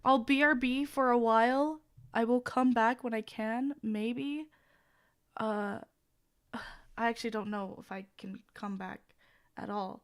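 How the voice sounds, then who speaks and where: A woman's voice: a little high, unhurried, clear, resonant tone. A woman streamer in casual live-stream chat, sounding sick as she rambles apologetically between sighs and groans.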